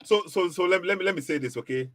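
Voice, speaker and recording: Here the livestream host talks quickly in a high, fairly bright voice, captured dry. He keeps driving his argument home with one rhetorical question after another, repeating himself for emphasis and letting out short laughs.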